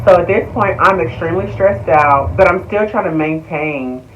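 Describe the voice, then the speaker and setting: A young man telling a story to viewers in a casual vlog, animated, slangy and profane, calling his audience y'all. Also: sits high, moderate pace, far from the mic, muffled recording, slight background noise. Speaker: vlogger.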